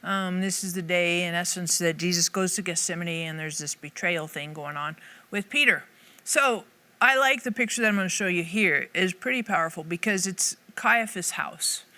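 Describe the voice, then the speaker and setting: Woman Bible teacher, bright forceful voice, earnest and chatty, devotional talk to camera. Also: fairly low pitch. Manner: earnest, conversational, thinking aloud with restarts.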